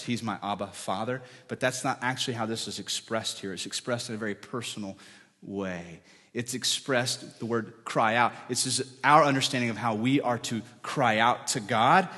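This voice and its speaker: A pastor with a husky, medium-pitched voice preaches a sermon in a large hall. When he speaks for God, he drops into soft, whispered lines.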